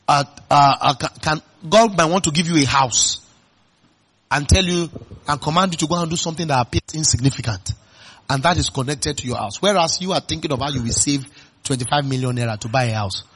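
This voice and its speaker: A male pastor with a Nigerian accent preaching a sermon. He keeps asking the congregation questions and swings between loud emphatic bursts and quiet, low asides. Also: slightly rough. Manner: call-and-response questions to the congregation.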